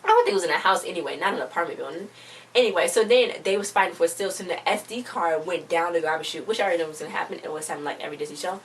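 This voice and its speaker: A woman's voice: lowish voice, racing. A woman giving a casual, rambling recap of a TV episode, chatting with lots of fillers. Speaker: TV episode reviewer. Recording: distant mic with faint background noise.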